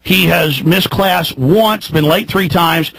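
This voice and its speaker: A radio talk show host in his thirties delivering a heated, fiery monologue, swinging between shouts and low mutters. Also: takes it slowly, creaky, slightly rough, no room sound, poor audio. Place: radio studio.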